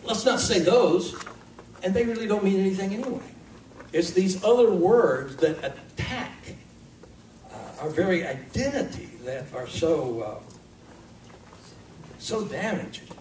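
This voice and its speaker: A man preaching a sermon to his congregation in a conversational, emphatic way, with pauses for effect. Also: high-pitched, lively intonation, a little mellow, a little hiss or hum. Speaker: pastor. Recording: echoey hall recording from far off.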